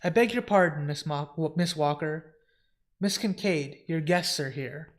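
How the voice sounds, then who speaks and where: A man's voice: on the high side, measured pace, close to an everyday voice. A man voicing a polite, formal male solicitor. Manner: courteous, formal.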